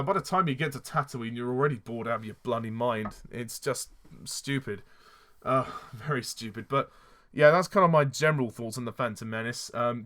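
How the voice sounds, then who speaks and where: A man reviewing films in a casual vlog, sarcastic and exasperated. His voice sits at an ordinary middle pitch, and he laughs often at his own jabs. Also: fairly bright tone. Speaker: film reviewer.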